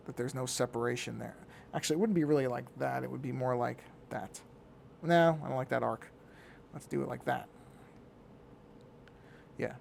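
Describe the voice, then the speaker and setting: A man's voice: mid-range voice, gravelly, a little mellow, slight background noise. A middle-aged man talking casually to himself as he works on a digital drawing, muttering and thinking aloud. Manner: talks to himself while working, muttering. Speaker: digital artist.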